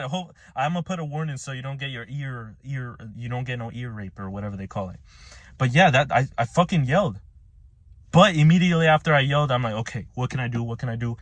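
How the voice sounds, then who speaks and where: A man's voice: medium pitch, no echo. A young man telling a work mishap story in casual, profane slang, full of restarts and filler words.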